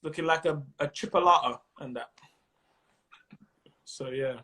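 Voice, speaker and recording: A man in his thirties with a London accent, a comedian chatting casually on a video call, animated and quick to mimic other voices. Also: on the high side. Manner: animated, slips into mimicked voices and laughs often. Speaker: comedian guest. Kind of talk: casual chat.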